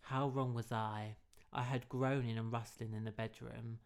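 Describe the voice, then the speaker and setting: A man's voice: mid-range voice, flat delivery, moderate pace, smooth. A man hosting a comedy podcast, reading a story aloud and breaking off into cheeky banter with swearing.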